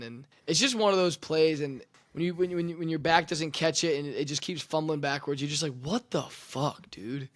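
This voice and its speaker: Higher-voiced man in emphatic, swearing sports chat. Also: fairly bright tone. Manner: emphatic, swears freely, repeats words while building up. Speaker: podcast co-host, former quarterback.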